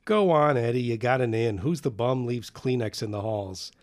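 A man voicing a gruff, nosy male building janitor who scolds loudly. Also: medium pitch, moderate pace, natural voice. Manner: blunt, scolding, loud.

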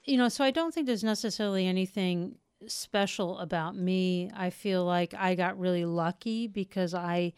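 A woman's voice: fairly low pitch, moderate pace, hardly any pauses, a little mellow, clear, resonant tone, dry recording, clean studio sound. A middle-aged woman from Portland, a novelist, answering interview questions in an earnest, reflective way. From United States (Portland, Oregon). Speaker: novelist guest.

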